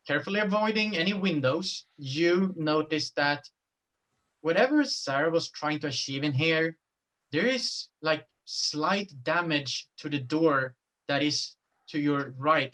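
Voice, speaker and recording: A man's voice: on the high side, a bit bright, rough recording. A man narrating a tabletop horror game as game master, loose and rambling.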